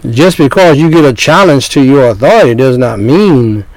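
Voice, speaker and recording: A man's voice: medium pitch, lively intonation, normal speed, no echo, low-quality recording. An older man preaching a sermon, scolding his listeners with repeated points and rhetorical questions.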